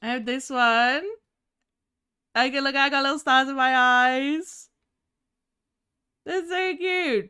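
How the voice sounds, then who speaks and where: A woman's voice: high-pitched, slow pace, long pauses, pushed and bright. A young woman chatting casually on her first live stream, giggly and easily distracted, a little tired.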